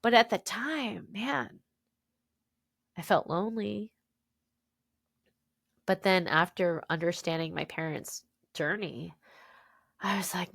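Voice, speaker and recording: A woman's voice: on the low side, takes it slowly, gravelly, pauses often, dry recording, clean studio sound. A woman author as a podcast guest, telling her story candidly and animatedly, often tagging lines with "right?". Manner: animated, peppers speech with "right?" and "dude".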